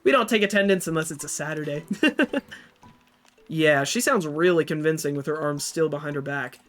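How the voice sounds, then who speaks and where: A woman streamer reading a story game aloud, with excitable, chatty asides to her viewers. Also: low voice, normal speed, soft background music.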